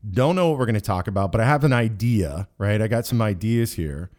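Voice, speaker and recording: A man's voice: lowish voice, expressive, a little fast, a little mellow. A man in his forties from Kansas, hosting a casual podcast and chatting with guests on a remote call in a joking, rambling way full of restarts. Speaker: podcast host.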